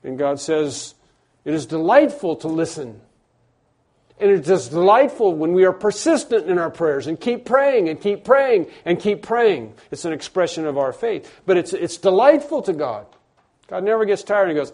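An emphatic male pastor preaching, his voice a little higher than most men's. He drops to near-hushed asides and then rises loud, stretching out the key phrases. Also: expressive, moderate pace. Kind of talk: sermon.

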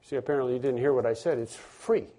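Mellow-voiced man preaching a sermon. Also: mid-range voice, fast talker. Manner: conversational preaching with repetitions and restarts; rises to emphatic stressed phrases. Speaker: pastor.

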